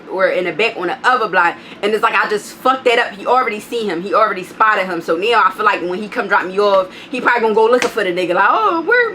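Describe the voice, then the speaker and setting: A young woman vlogger telling an animated, profane storytime, acting out what people said with big jumps in pitch. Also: a little hiss or hum.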